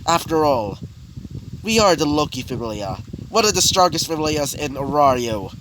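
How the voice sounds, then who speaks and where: A man's voice: fairly high pitch, sing-song, moderate pace, a bit bright, a little hiss or hum, poor audio. A man reading as a bossy goddess leader. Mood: commanding. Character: bossy fierce goddess leading her clan.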